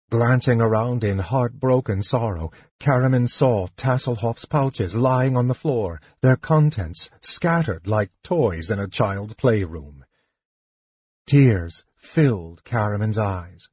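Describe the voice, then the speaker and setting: Slow, husky male storyteller. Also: on the low side, darkish tone, dry recording. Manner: slow, measured reading. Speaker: audiobook narrator. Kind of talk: scripted narration. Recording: dull lo-fi recording.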